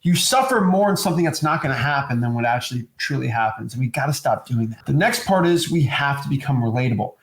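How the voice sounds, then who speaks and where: A man hosting a casual talk about real estate, animated and acting out sales pitches in mock voices. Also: fast talker, hardly any pauses. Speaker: host. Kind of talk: casual chat. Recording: roomy echo.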